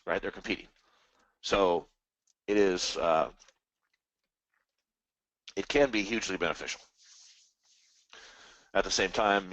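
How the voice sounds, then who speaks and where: Casual live-stream host, male, low voice, rambling and animated, dry close mic. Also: no room sound. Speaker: trading webinar host.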